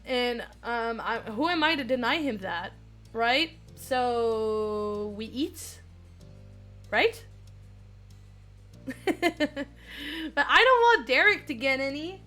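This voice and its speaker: A young woman streaming, reading a dating game aloud and chatting with viewers, excitable with squealing laughs. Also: high-pitched, takes it slowly, pauses often, soft background music.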